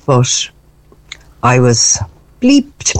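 A woman calling a radio show, speaking in a hesitant, halting way. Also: a bass voice, very animated, no room sound, rough recording. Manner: hesitant, halting, stop-start. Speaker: radio caller. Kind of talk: casual phone-in chat.

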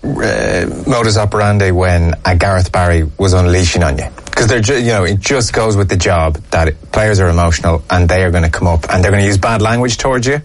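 A man's voice: deep voice, a little fast, hardly any pauses. A man interviewing a guest, asking long probing questions with a teasing manner. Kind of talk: conversational interview.

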